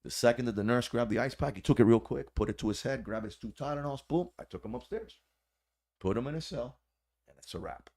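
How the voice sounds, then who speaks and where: A man's voice: medium pitch, brisk, a little mellow. A man, a former corrections officer, telling a story as a podcast guest in a casual, profane, slangy way.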